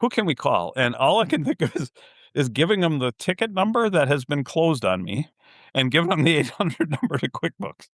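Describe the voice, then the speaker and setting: This middle-aged podcaster has a fairly high, sing-song voice, a bit bright and a little fast, on clean studio audio with no room sound. Telling a casual story, he acts out both sides of a phone call while laughing in disbelief.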